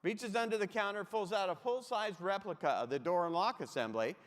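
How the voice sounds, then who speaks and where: A man's voice: high voice, brisk. A man giving a humorous keynote talk, telling comic anecdotes and speaking straight to his audience. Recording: long hall reverb.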